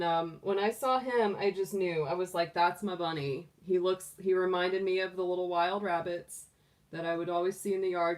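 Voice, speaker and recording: A woman's voice: fairly low pitch, darkish tone. A middle-aged woman hosting a tarot livestream from a room at home, chatty and doting, laughing often. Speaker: tarot reader, livestream host. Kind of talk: casual livestream chat. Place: room at home with the door closed. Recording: voice a bit distant from the mic.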